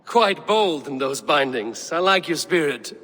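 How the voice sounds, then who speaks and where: A man's voice: on the high side, lively intonation, a little slow, bright, forceful tone, no room sound, full character voice. An actor playing a thoughtful, wry Viking crewman in a video game.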